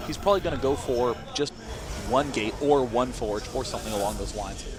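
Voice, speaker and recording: A man's voice: medium pitch, a crowd in the background. Analytical American esports commentator, man. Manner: analytical, quick teasing banter. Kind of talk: live game commentary.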